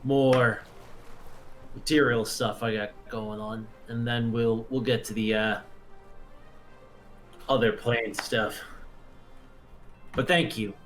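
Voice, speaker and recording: A man's voice: mid-range voice, steady tone, takes it slowly, pauses often, fairly bright tone, soft background music. A man taking part in a tabletop game as a player. He rambles along in a mid-range voice and breaks into laughter often. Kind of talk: tabletop role-play.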